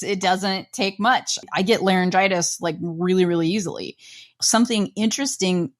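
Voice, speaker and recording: A woman hosting a podcast, telling personal stories in a chatty way and laughing as she goes. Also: lowish voice. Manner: chatty, laughs through anecdotes. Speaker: podcast host. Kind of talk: casual podcast conversation.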